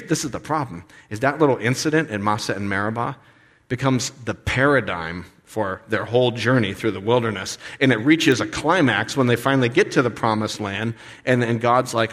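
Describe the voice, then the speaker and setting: A man preaching a sermon as pastor, animated and expressive, sometimes acting out the voices of complaining people. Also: medium pitch. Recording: long reverb of a hall.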